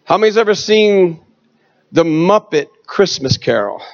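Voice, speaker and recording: Middle-aged male preacher, high lively voice, unhurried, shouts then hushes. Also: highs cut off. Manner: swings from shouting to hushed storytelling. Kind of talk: sermon testimony.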